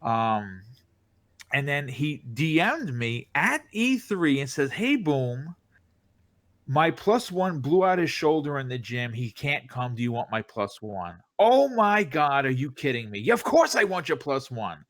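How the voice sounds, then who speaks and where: A man telling stories as a podcast guest in casual chat, with a distinctive voice, animated and full of restarts. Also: mid-range voice, measured pace, dry recording. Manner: animated, lots of restarts, acts out quoted reactions. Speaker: podcast guest, content creator.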